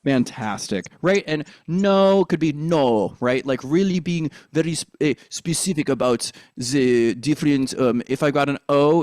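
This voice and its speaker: A man's voice: on the high side, expressive, normal speed, darkish tone, no room sound, clean studio sound. A man coaching a theater class on accents, upbeat and encouraging as he demonstrates lines. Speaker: drama coach.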